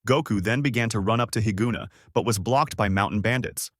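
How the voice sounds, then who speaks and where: A man's voice: fairly low pitch, brisk, no room sound. A man narrating a fan-made story for his channel in a casual storytelling voice, close to the mic. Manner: lively storytelling.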